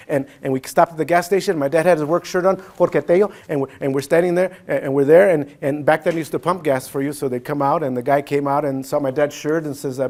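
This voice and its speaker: Animated male storyteller, a bit high. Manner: animated storyteller, mixes in Spanish phrases. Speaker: keynote speaker. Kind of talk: personal storytelling speech.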